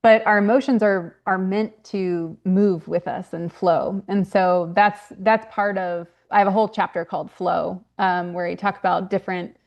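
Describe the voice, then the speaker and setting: A woman's voice: mid-range voice, fairly even intonation, normal speed, vocal fry, hardly any pauses, highs cut off. A young woman, a grief consultant and author, talking earnestly in a podcast interview with frequent fillers and restarts. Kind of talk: podcast interview, casual conversation.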